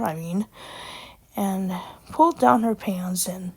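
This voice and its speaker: Woman reading a kids story real slow, bit of fry in her voice. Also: medium pitch, faint music behind. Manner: plain, unhurried storytelling. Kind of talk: children's story narration.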